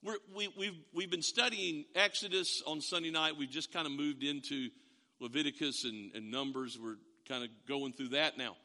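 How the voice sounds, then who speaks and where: A middle-aged male pastor preaches to his congregation in a high, piercingly bright voice. He tells stories, acts out their dialogue and puts questions to the room. His words ring out with a long reverb from the church hall. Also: normal speed. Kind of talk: sermon.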